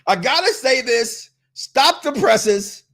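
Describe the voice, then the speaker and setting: This Chicago-born podcast host has a very high voice and a slow delivery. Joking and animated in casual wrestling talk show chat, he keeps tossing in "okay?" to check in with listeners.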